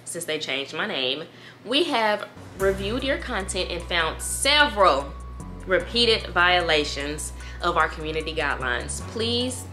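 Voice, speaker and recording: A young woman in her twenties talking casually to camera as a YouTuber, chatty and animated, reading emails aloud and calling her viewers "girl.". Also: lowish voice, measured pace, music in the background. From United States. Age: 20s. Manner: reads emails aloud, trails off with "da, da, da".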